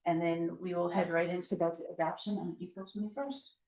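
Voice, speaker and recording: A slightly hoarse woman, a school district official, presenting a budget in measured, explanatory speech with frequent ums. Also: lowish voice, fairly even intonation, darkish tone. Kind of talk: budget presentation at a public meeting. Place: school board meeting room. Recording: roomy meeting room, from a distance.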